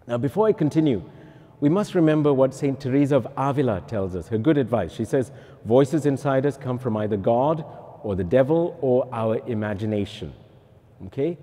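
Mellow-voiced man telling a story in an echoey hall. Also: mid-range voice. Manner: lively storytelling with self-mocking asides. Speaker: priest. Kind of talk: personal testimony talk.

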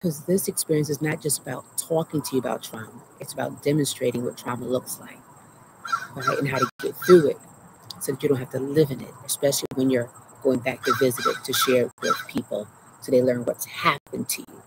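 An earnest woman therapist shares her own story with her audience while sitting in her garden. Her voice has a gravelly edge, and she sounds anxious and out of breath as she pauses to steady herself. Crickets chirp loudly throughout the outdoor recording. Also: extremely low pitch, heavy background noise. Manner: earnest, emotional, often checks in with "right?", slows to breathe. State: anxious, heart racing while retelling. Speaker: therapist and show host. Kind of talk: personal trauma story mixed with teaching. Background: crickets and insects.

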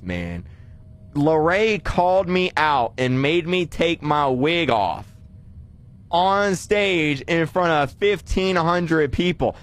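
Excitable man rambling on a stream. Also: sits high. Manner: excitable, rambling storytelling with shouted bursts. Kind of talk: casual stream recap.

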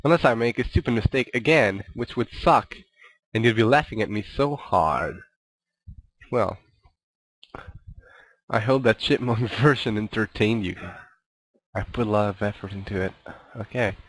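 A man's voice: on the low side, normal speed, long pauses, a bit bright, rough recording. A man giving casual, self-mocking commentary while playing a video game, rambling and chuckling as he goes. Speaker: let's play commentator.

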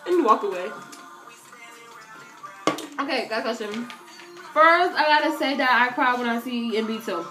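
A woman's voice: expressive, moderate pace, pauses often, loud music behind the voice. Chatty teen girl vlogging from her bedroom. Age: teens. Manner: chatty, joking, dramatic swings in loudness and pitch. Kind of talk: casual Q&A vlog talk. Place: bedroom at home.

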